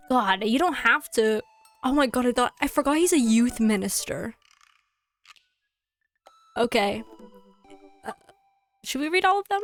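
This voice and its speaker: A young woman talks over a game on stream in a fairly high voice, playful and chatty. Faint game music plays under her. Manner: chatty, playful, laughs often. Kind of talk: casual game commentary. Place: home streaming setup.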